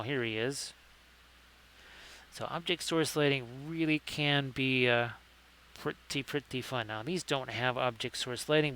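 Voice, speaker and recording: A man's voice: mid-range voice, pushed and bright, slight background noise. A man hosting a casual live painting stream, chatty and jokey with lots of fillers as he greets viewers.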